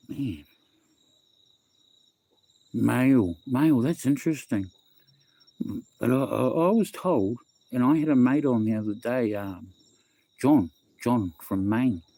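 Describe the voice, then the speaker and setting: A middle-aged New Zealand man rambles through a casual phone livestream, restarting sentences and tossing in "bro" and "eh". His voice is mellow and relaxed, recorded dry and close with no room sound. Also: mid-range voice, unhurried, no echo. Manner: rambling, repeats himself, reads chat aloud, says bro and eh. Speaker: livestream host. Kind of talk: casual livestream chat with viewers.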